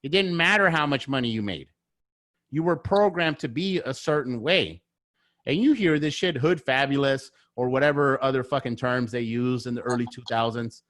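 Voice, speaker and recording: Guesting on a podcast, a real estate investor with a mid-range, slightly bright voice speaks at a moderate pace. The conversation is casual, yet he's blunt and foul-mouthed, leaning on repeated phrasing to press his points, in clean, echo-free studio audio.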